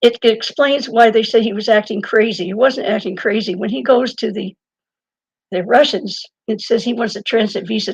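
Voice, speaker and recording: An older woman being interviewed, telling a long personal story in a lively way, laughing now and then and restarting her sentences. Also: on the high side, moderate pace, slightly rough, no echo, dull audio. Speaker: interview guest and author. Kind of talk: conversational storytelling.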